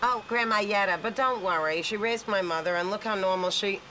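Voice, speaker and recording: A woman playing a brash, wisecracking nanny in a sitcom, talking fast with quips. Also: mid-range voice. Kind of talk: sitcom acting. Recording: sitcom audio with loud audience noise. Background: studio audience laughter.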